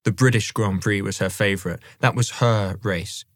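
A man narrating a memoir audiobook in a measured, conversational first-person reading. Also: on the low side, steady tone, no echo, studio quality.

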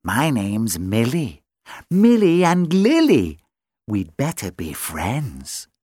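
A storyteller voicing a female cat who wants to be a musician, drawling slowly in a lowered voice. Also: huge pitch swings, dark tone, slightly rough, no room sound, studio quality, heavily acted. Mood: languid. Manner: slow, drawling, low. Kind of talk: storybook read-aloud.

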